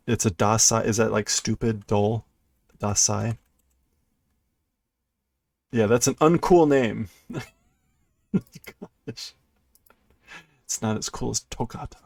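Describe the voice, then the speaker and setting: Indoors at his computer, a man live-streams a manga read-through, translating on the fly and thinking aloud. His lowish, gravelly, slightly mellow voice stays steady and slow with frequent pauses, and he stumbles, corrects himself, and laughs lightly at his slips. There's no room sound.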